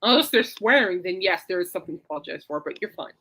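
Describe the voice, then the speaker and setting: Woman, podcast host, bright tone, rambling casual chat. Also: on the low side, lively intonation, quick pace, rough recording. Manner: chatty, reassuring, rambling.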